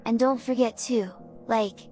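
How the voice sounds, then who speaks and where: A woman's voice: fairly high pitch, steady tone, unhurried. A woman reading a short scripted outro in a polite sign-off delivery. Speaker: channel outro speaker. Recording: music playing underneath.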